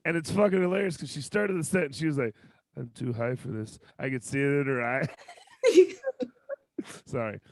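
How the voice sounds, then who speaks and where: A man hosts a comedy show, his voice gravelly and pitched a little high. He teases the guests loudly with profane banter, and the sound is dry and close. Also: wildly swooping pitch, normal speed, pauses often, no echo. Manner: loud, teasing, profane banter. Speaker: show host. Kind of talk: hosting a comedy show on a video call.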